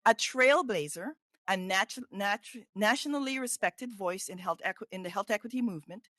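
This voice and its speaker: A woman's voice: mid-range voice, fairly quick, fairly bright tone, no echo. Woman reading a formal introduction, dry sound. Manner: reads a prepared bio with small slips.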